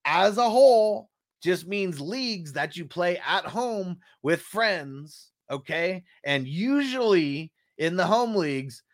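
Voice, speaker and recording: A man's voice: sits high, lively intonation, slow, no echo, low-quality recording. Profane, teasing man live-streaming fantasy football. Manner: profane, teasing, rambling with many fillers. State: coughing between phrases. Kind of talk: casual live-stream chat with viewers.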